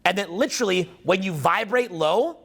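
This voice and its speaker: A man's voice: high-pitched, normal speed, creaky, fairly bright tone. A man giving a live seminar talk as a social skills coach, swearing freely, speaking with emphasis and firing questions at the room. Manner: profane, emphatic, quizzes the audience.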